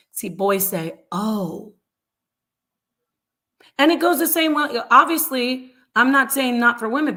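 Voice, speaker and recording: A middle-aged woman, a mother, hosting a live stream and answering chat comments with animated, repetitive explanations. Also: medium pitch. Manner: animated, acts out quoted voices, repeats points.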